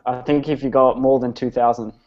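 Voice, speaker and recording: A man's voice: medium pitch, little pitch movement, quick pace. A man with an Irish accent giving short, laid-back answers as a guest. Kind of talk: casual chat. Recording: lo-fi audio with loud noise.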